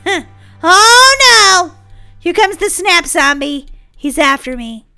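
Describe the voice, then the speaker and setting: Bubbly high-voiced woman playing a game. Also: expressive, a little slow, pushed and bright, soft background music. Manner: bubbly, giggly, silly. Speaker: gaming channel host. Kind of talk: playful let's-play commentary.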